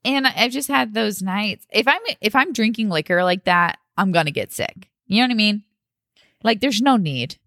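A woman's voice: mid-range voice, lively intonation, normal speed, fairly bright tone, no echo, studio quality. A woman co-hosting a podcast, chatting casually and reacting to her friend's stories. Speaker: podcast co-host. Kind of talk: casual chat.

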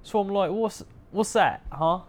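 A man's voice: high voice, unhurried, a crowd in the background, pitched above the performer's own voice. A man putting on a playful impression of a chatty British late-night TV host. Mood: chirpy.

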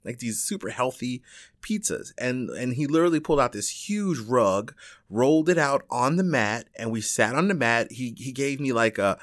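A man's voice: moderate pace, no room sound, clean studio sound. Chatty man telling a rambling story. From Chicago. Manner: rambling and animated, with frequent fillers, restarts and swearing; acts out other people's lines with big jumps in pitch. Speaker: teacher telling his story. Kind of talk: casual storytelling.

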